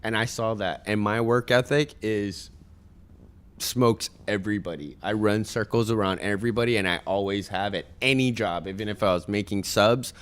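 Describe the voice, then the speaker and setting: A man's voice: on the low side, normal speed, fairly bright tone, clear, resonant tone. A man who is a guest on a casual podcast, giving motivational parenting advice and telling family stories in an earnest, direct way. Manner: tells stories and acts out other people's voices.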